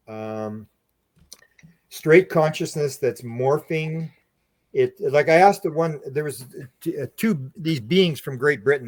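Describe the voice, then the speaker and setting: A man speaking as a podcast guest, explaining at length in an earnest, rambling way full of restarts. His voice sits at an ordinary pitch. The sound is dry and close, with no room echo. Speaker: podcast guest, UFO researcher. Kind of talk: conversational interview.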